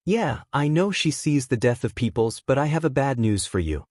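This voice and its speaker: A man's voice: mid-range voice, sing-song, moderate pace, darkish tone, dry recording, clean studio sound. A man voicing a brash, cocky young male ninja who talks back mockingly in a fanfic reading. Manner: mocking, defiant.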